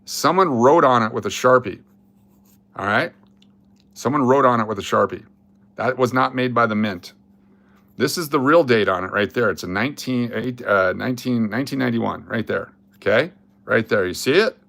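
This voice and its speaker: Gravelly man hosting a coin livestream. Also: mid-range voice, moderate pace, no room sound. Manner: excitable, hypes finds, chats with viewers. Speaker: coin roll hunting livestream host. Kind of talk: casual live-stream chat.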